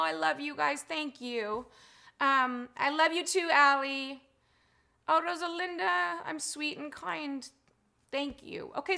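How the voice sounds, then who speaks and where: A high, bright woman's voice hosts a live stream, gushing over her viewers as she reads their chat messages. She is middle-aged and talks in an effusive, rambling way, sprinkled with "um" and "you guys". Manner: effusive and gushing, chatty with frequent 'um' and 'you guys'. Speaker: live-stream show host.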